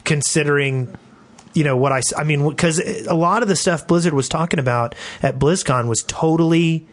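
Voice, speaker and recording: A man co-hosting a gaming podcast in casual chat, relaxed and joking. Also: on the high side, fairly quick. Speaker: podcast co-host.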